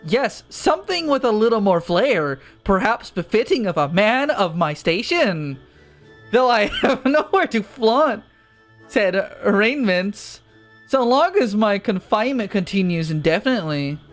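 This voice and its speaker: A man doing a spoiled whiny young lord with a nasal drawl, haughty and put-upon, his pitch swooping all over as he grumbles through game lines. Faint game music hums behind him. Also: sing-song, exaggerated voice. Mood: complaining. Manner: haughty, drawn-out complaining. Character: pompous whiny young nobleman, spoiled and idle. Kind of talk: reading game dialogue aloud.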